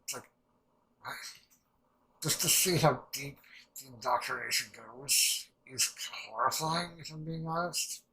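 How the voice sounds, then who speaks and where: A young man rambling excitedly through a casual reaction commentary, swearing freely and restarting his sentences. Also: mid-range voice, unhurried, long pauses, low-quality recording. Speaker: anime reaction channel host.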